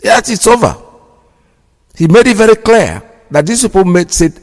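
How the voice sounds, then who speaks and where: A radio host with a high voice and big pitch swings speaks at a moderate pace, his words ringing with long hall reverb. His commentary is indignant and preachy, and he repeats himself for emphasis.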